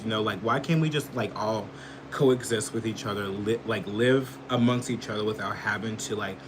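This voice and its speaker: A man's voice: medium pitch, a little hiss or hum. A man from the United States giving heated, profane political commentary with lots of filler words. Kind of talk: casual ranting commentary.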